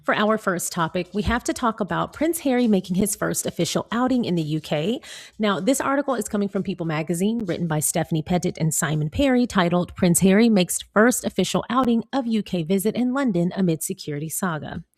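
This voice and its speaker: A woman's voice: medium pitch, lively intonation, fairly quick, darkish tone, no room sound. An American woman vlogger chatting casually with her viewers and reading an article aloud, laughing often. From United States.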